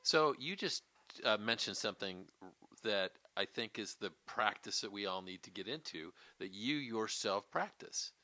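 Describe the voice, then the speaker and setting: A man's voice: lowish voice, expressive, normal speed, pushed and bright, dry recording. A man hosting a podcast, reflecting on a guest's point in casual chat. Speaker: podcast host.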